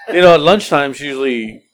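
A middle-aged man co-hosting a podcast, telling everyday stories in a relaxed, rambling way with many restarts. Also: on the high side, moderate pace. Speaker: podcast co-host. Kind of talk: casual storytelling chat.

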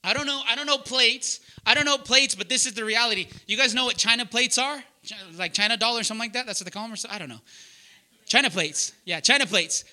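A man preaching loudly and emphatically to young adults, often asking the room to fill in words. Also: extremely high pitch. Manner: loud, emphatic, asks the room questions. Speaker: pastor teaching young adults. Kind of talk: sermon.

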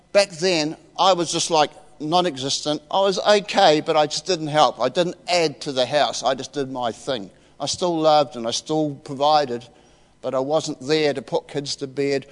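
A man, giving a heartfelt, emotional personal testimony as a preacher in a church. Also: fairly high pitch. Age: 60s. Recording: reverberant church hall.

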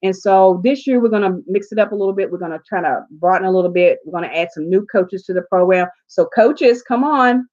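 A woman's voice: mid-range voice, a little fast, hardly any pauses, highs cut off. A woman, a life coach telling her story in an interview and acting out her own dialogue. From southern United States. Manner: animated, acts out her own dialogue in quotes.

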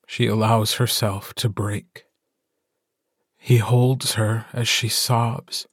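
Slow husky man reading a story. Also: fairly low pitch, little pitch movement, dry recording, studio quality. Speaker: audiobook narrator. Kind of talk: scripted narration.

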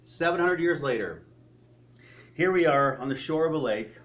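A man's voice: animated, normal speed. Man preaching a storytelling sermon. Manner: storytelling, asks the listeners rhetorical questions; drops to a quiet, low voice for solemn moments.

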